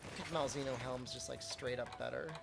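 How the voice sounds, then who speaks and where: A man's voice: mid-range voice, steady tone, fairly quick, vocal fry, over loud music. A man streaming a video game, chatting casually with his chat, answering questions and laughing often.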